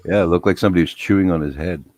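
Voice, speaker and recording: A man's voice: low-pitched, rapid-fire, a crowd in the background. A man chatting on a live stream, laid-back with a dry, teasing wit. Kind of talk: casual live-stream chat.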